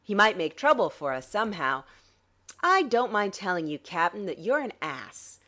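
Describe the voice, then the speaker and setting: A woman's voice: mid-range voice, big pitch swings, moderate pace, pushed and bright. A woman doing a smug, dry-voiced scheming crook. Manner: dry, sarcastic, smoothly condescending. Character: smug scheming male crook, cool and sarcastic.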